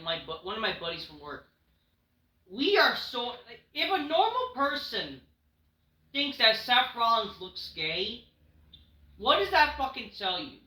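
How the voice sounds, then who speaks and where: A man's voice: high voice, pushed and bright. A man reviewing a wrestling show in a casual, profane rant, blunt and dismissive. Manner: blunt, dismissive, frequent swearing. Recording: roomy echo.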